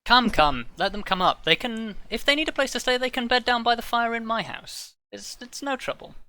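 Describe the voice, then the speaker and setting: A man's voice: very high-pitched, brisk, sharp tone, smooth, dry recording, voice pushed up. A man voicing a gushing female wood elf. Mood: welcoming. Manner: gushing, welcoming.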